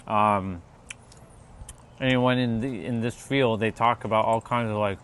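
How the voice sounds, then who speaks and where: A man's voice: lowish voice, steady tone, a little slow, fairly bright tone, a little hiss or hum. A man hosting a casual spiritual livestream, chatting loosely with viewers and rambling with many fillers.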